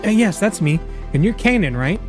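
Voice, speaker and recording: Man voicing a young woman, anxious, pleading, high, visual novel character. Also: expressive, brisk, music in the background. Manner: raised, pleading delivery. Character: young woman, anxious, searching for her sister.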